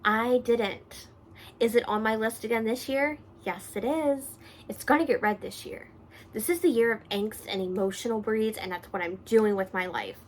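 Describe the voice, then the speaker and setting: A book reviewer chats through a casual vlog from a room in her home, lively and ready to laugh. Her fairly high voice shifts between loud exclamations and soft near-whispers, over slight background noise.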